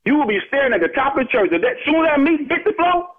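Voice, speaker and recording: A man's voice: very high voice, big pitch swings. A man arguing heatedly on a phone call, repeating himself as he pushes back. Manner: fast, heated, repetitive. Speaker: prank call target. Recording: tinny phone line.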